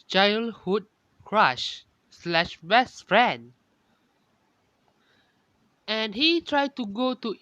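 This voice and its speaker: Slow, hesitant woman telling a fan story. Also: medium pitch, fairly bright tone, no room sound. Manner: hesitant, often corrects herself mid-sentence. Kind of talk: improvised fan-story narration. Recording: dull lo-fi recording.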